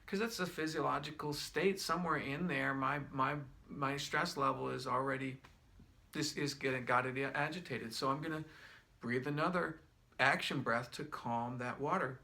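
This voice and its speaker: Middle-aged guy walking you thru a breathing exercise, gravelly voice, kinda teary, keeps restarting sentences. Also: mid-range voice, moderate pace. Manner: gentle, repetitive, thinking aloud with many restarts. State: tearing up. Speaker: wellness instructor. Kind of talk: guided breathing demonstration.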